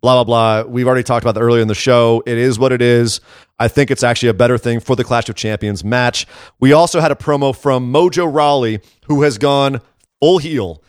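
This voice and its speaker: A man's voice: medium pitch, a little fast, no echo, studio quality. A man co-hosting a wrestling podcast in casual chat, opinionated and sarcastic.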